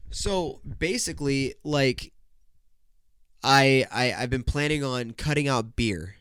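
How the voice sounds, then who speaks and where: Young man, podcast host, congested nasal voice, profane joking rambles, medium pitch. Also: takes it slowly, fairly bright tone, slight background noise. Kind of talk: casual solo podcast chat. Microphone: podcast microphone.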